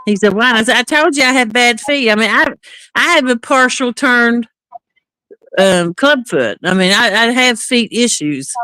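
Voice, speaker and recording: A woman's voice: on the high side, normal speed, smooth, dry recording. A woman on a live talk stream casually telling a long story, acting out the back-and-forth dialogue as she goes. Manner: animated, acts out quoted dialogue.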